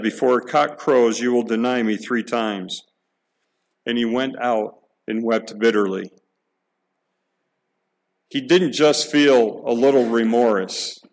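A man's voice: medium pitch, poor audio. Earnest middle-aged male preacher. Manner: earnest, emphatic preaching with rhetorical questions; repeats words as he restarts. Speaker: pastor. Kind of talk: sermon.

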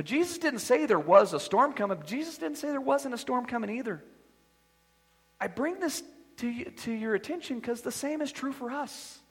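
High-voiced, husky preaching man. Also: in a large hall. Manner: emphatic preaching, swinging from quiet asides to loud declarations. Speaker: pastor. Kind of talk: sermon.

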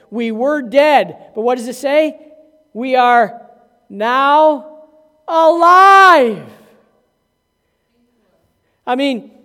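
Slow, deliberate preacher in an echoing hall. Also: mid-range voice. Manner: asks the congregation questions and builds to emphatic peaks. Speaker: pastor. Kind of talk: sermon. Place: church sanctuary.

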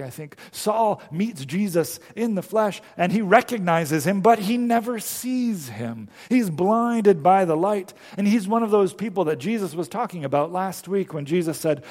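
A male pastor telling a Bible story in a sermon, slowing down and pausing for emphasis. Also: high-pitched, darkish tone, big-room sound. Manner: storytelling, with slow emphatic pauses.

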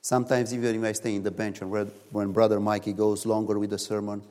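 A man preaching a sermon in a church, telling stories in animated, non-native English, recorded in a reverberant hall. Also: on the low side, fast talker, hardly any pauses. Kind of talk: sermon with storytelling.

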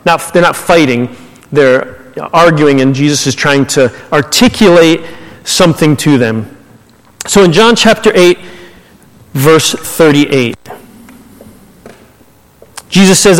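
A man preaching as a pastor, animated and conversational, paraphrasing scripture in everyday words. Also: fairly high pitch, slow, long pauses. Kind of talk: sermon. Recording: long hall reverb.

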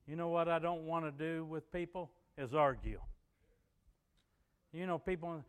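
A middle-aged male pastor delivering a sermon in a voice pitched a little above the usual for a man. He rambles through homely stories, then rises into emphatic, declaiming preaching. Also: normal speed. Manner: folksy storytelling with bursts of emphatic preaching.

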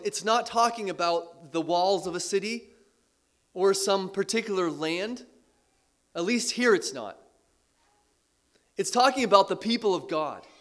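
Guy preaching a sermon, pretty high voice, repeats stuff for emphasis, trails off low at the ends. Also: a bit bright. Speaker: pastor.

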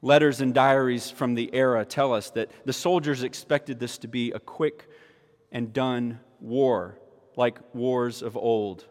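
A man's voice: mid-range voice, fairly even intonation, unhurried. A male pastor giving a sermon, emphatic and repeating key phrases for weight. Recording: long hall reverb.

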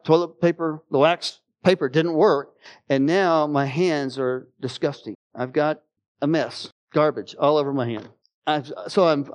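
A middle-aged man preaching a sermon in a church, telling a personal story with bursts of loud exclamation and quiet, low passages. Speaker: pastor. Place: church sanctuary.

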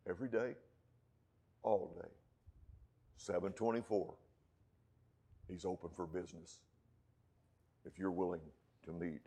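A man with a West Texas accent preaching a sermon, dropping to hushed low lines and rising to loud, slowed emphatic peaks. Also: fairly even intonation, breathy edge. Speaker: pastor.

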